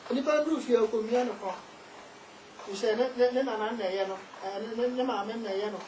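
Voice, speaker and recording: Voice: mid-range voice, fairly even intonation, brisk, darkish tone. A guest, a spiritual and herbal practitioner, talking emphatically in a casual interview and repeating key phrases. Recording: echoey room with faint noise.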